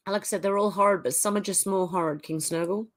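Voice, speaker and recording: A woman hosting a livestream, reading out viewer comments and chatting back in a casual way. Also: mid-range voice. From Australia. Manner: chatty, reads viewer comments aloud and reacts. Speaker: livestream host. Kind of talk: reading out live chat comments.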